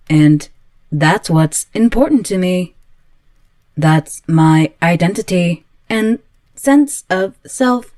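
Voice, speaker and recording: Woman voicing an obsessive yandere android, slow and pleading. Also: mid-range voice, darkish tone, no room sound, studio quality, lightly acted. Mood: devoted, pleading. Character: obsessive yandere female android, clingy and volatile. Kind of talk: audio roleplay.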